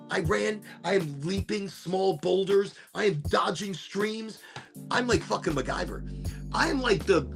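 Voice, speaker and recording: A man hosting a podcast, telling a story in a casual, animated way, swearing and repeating words as he goes. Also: high voice, creaky. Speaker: podcast host.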